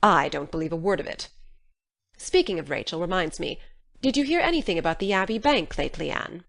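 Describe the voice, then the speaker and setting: A woman's voice: lowish voice, animated, brisk, vocal fry, fairly bright tone. An actress playing a practical older woman who talks in plain, matter-of-fact country speech. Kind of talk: full-cast audiobook drama.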